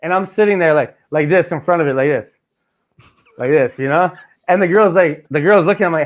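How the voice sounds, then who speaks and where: A man's voice: a little high, brisk. Profane Canadian man telling stories. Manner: profane, animated storytelling with mimicked dialogue. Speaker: podcast host. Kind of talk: casual chat.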